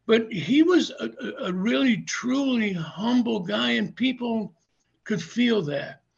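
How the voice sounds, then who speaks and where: Gravelly high-voiced older man telling stories. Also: lively intonation, takes it slowly, lo-fi sound. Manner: rambling, chuckling, many restarts. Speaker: interview guest, former pro wrestler. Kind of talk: casual anecdotal storytelling.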